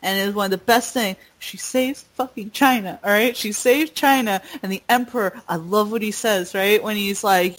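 A woman chatting casually with a friend, her voice moderate in pitch. She talks with lively enthusiasm and drops swear words freely. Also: normal speed, few pauses. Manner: animated, swearing, emotional retelling. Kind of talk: casual chat.

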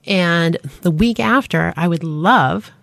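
A woman's voice: on the low side, takes it slowly, creaky, no room sound. A woman with a Boston accent hosting a radio talk show, bubbly and enthusiastic, laughing often. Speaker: host. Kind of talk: casual radio show chat.

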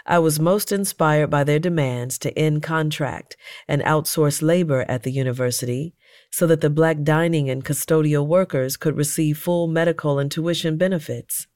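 A man narrating a memoir audiobook in a measured, earnest reading style. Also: on the high side, fairly even intonation, darkish tone, clean tone, no room sound, clean studio sound. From United States.

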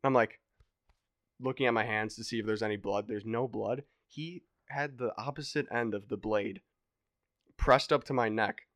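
Animated young man telling a wild story. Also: fairly low pitch, normal speed, no echo, clean studio sound. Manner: animated, swearing, acts out voices loudly. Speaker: podcast guest. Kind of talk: casual storytelling chat.

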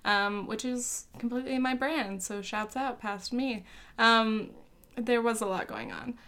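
A woman's voice: on the high side, steady tone, unhurried, a bit bright, smooth. A young woman hosting her own podcast, chatting casually and teasing herself, with laughs, fillers and the odd swear word. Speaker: podcast host. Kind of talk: casual solo podcast chat.

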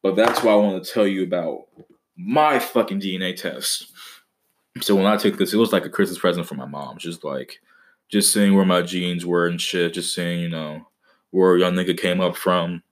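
A man's voice: sits low, fairly even intonation, normal speed. A young man hosting a podcast, telling stories in a profane, joking way with mock-dramatic outbursts. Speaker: podcast host. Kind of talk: casual comedic monologue.

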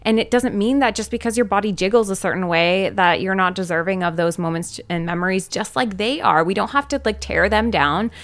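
A woman's voice: mid-range voice, brisk, few pauses. Young woman, podcast guest; emphatic, heartfelt, chatty delivery. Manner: emphatic, heartfelt storytelling with lots of "like". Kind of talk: casual chat.

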